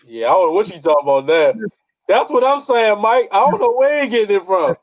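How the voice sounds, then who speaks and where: A man's voice: high voice, sing-song, a little fast, dry recording, poor audio. A man co-hosting a podcast, mostly chiming in with short interjections and laughter. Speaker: podcast co-host. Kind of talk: casual podcast banter.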